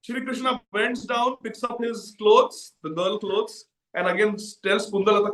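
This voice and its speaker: A man giving an animated devotional storytelling discourse as a preacher, acting out the voices and laughing often. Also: high-pitched, a little slow, hardly any pauses. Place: large indoor temple hall. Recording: echoey temple hall from far off.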